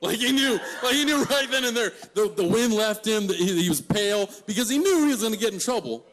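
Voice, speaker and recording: A man's voice: high voice, a little fast. Joking young man preaching to youth. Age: 20s. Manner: animated and joking, laughs mid-story. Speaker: guest youth speaker. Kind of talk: storytelling youth sermon.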